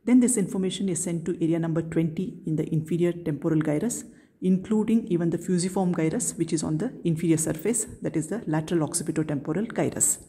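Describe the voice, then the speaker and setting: A woman teaching anatomy in a recorded video lecture, her voice low and mellow. She explains patiently and steadily, often asking a question and then answering it herself. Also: fast. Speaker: neuroanatomy lecturer.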